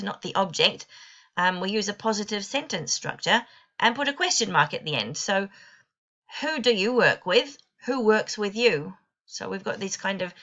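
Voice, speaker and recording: A woman giving an online presentation to teachers, explaining clearly with a lightly wry touch. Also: medium pitch, fairly bright tone, dull audio. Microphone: computer mic on video call.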